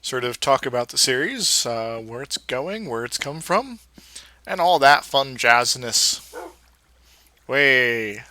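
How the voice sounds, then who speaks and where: A man's voice: medium pitch, lively intonation, a little slow, bright, forceful tone, dry recording. A man giving casual, rambling commentary over his own gameplay, full of fillers and restarts. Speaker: Let's Play creator.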